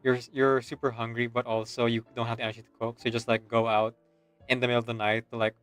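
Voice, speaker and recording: A man's voice: medium pitch, flat delivery, quick pace, a bit bright, soft background music. A man streaming a game, telling a rambling story in casual voice chat and laughing as he goes.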